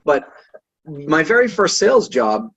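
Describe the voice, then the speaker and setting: A man's voice: fairly high pitch, big pitch swings, unhurried, gravelly, fairly bright tone, highs cut off. A man from Boston, a consultant and podcast guest, chatting in a rambling way that keeps restarting and tagging "right?". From Boston, USA. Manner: rambling, self-interrupting, with frequent "right?" tags. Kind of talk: casual interview chat.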